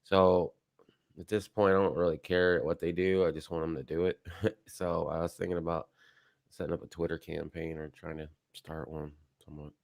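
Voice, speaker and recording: Deep gravelly easygoing man. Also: little pitch movement, moderate pace. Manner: easygoing, agreeable, laughs along. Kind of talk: casual livestream chat.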